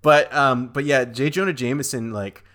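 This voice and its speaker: Podcast co-host, young man, bright voice, rambly, does silly impressions. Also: medium pitch, fairly even intonation, normal speed. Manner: rambling with fillers, doing goofy character impressions. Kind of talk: casual chat.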